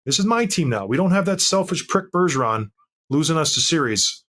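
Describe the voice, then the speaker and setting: A man's voice: a little high, lively intonation, fairly quick, fairly bright tone. A man co-hosting a sports podcast, telling stories in an emphatic, fired-up way during casual chat. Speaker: podcast co-host.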